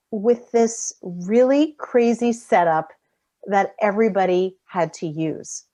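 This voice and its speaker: A woman hosting a behind-the-scenes interview over a video call, introducing each guest in an upbeat, measured way. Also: on the high side, darkish tone. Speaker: interviewer host. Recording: muffled lo-fi video call audio.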